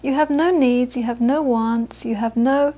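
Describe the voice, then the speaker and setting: A woman teaching Buddhism to a live audience, moving from lively anecdotal storytelling into quiet, reflective teaching. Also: a little high, unhurried, muffled recording. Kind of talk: dharma talk to a live audience.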